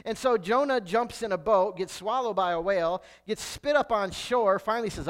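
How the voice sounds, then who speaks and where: High-voiced male preacher. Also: moderate pace, hardly any pauses. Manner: earnest, explanatory, storytelling. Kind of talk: sermon with scripture reading.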